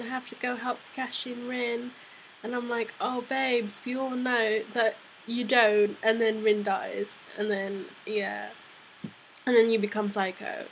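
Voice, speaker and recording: A young woman reviewing a comic chapter in a chatty, excitable, rambling way, sounding a little unwell. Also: a little high, a little hiss or hum, poor audio. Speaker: manga reviewer. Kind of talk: casual fan review vlog.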